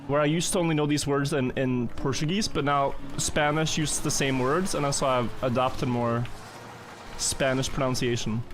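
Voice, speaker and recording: A man's voice: mid-range voice, fairly even intonation, moderate pace, background noise. A young man chatting casually with his viewers during a live game stream, rambling and joking as he thinks aloud. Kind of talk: casual live-stream chat while gaming.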